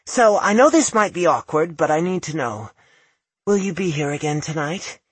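A man's voice: fairly high pitch, animated, moderate pace, slightly rough, no room sound, pitched above the performer's own voice. A man voicing a teasing young woman.

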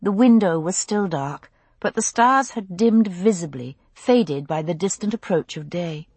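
A woman narrating a novel in the first person, in an expressive, intimate storytelling manner. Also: on the low side, unhurried, husky, no room sound. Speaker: audiobook narrator.

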